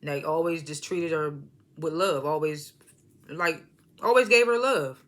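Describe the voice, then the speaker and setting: A woman's voice: sits low, unhurried. A woman casually recapping a reality show episode, laughing often and acting out what the cast said in loose, slangy talk. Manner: laughs often while retelling scenes; loose slangy storytelling, acts out quotes.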